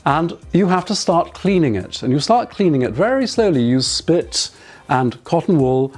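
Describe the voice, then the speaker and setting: Male voice teacher, slightly high voice, measured demonstrative delivery, faint music underneath. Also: darkish tone. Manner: measured, demonstrative, guiding through exercises. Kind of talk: instructional talk to camera.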